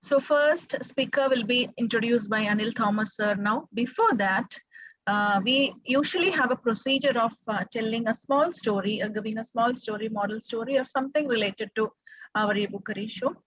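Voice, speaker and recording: A woman's voice: fairly high pitch, fairly bright tone, no echo, muffled recording. Woman host, hesitant, dry close sound. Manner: halting, many fillers. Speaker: host of an online book show. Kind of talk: casual introduction.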